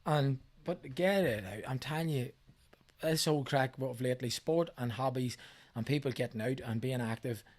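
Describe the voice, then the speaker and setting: A man's voice: medium pitch, normal speed, a little mellow. A man, a runner and podcast guest, talking earnestly and motivationally in casual chat, with some swearing.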